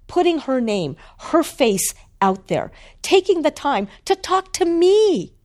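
A woman reading out the quoted words of an earnest grown man, in a lively, heartfelt way. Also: high voice, voice pushed up.

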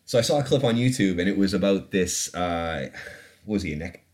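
A man's voice: sits low, animated, fairly quick, darkish tone. A man hosting a casual opinion podcast, talking in a loose rambling way, laughing now and then and swearing freely. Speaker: podcast host.

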